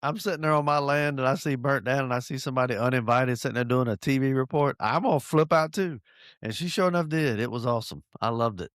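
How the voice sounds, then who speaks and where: Southern male host, mid-pitched, lively storyteller, dry close-miked sound. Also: fast, no room sound. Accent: Southern American. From North Georgia, USA. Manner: animated storyteller, acts out quotes, chuckles. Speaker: podcast host. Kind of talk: casual podcast chat.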